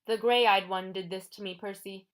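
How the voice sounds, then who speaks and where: Playing Medusa in an audiobook, an ancient monster pretending to be a kindly old woman, a woman uses a gentle, coaxing purr. Her voice sounds near-natural, medium-pitched, with fairly even intonation and a moderate pace.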